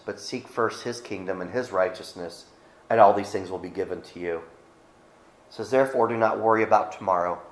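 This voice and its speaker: Low-voiced pastor preaching in a roomy church. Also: male voice. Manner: conversational preaching with restarts, reading scripture aloud. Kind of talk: sermon.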